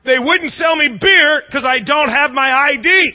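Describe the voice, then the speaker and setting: A loud, blunt older woman at a ballgame, shouting high and hard over the noise, as a man puts her on in a sermon. The recording is a little dull. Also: unhurried.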